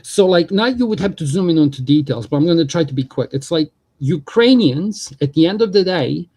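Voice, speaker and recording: A man's voice: on the high side, animated, brisk, darkish tone, slightly rough. A man hosting a livestream, talking politics in a casual, profane, rambling way.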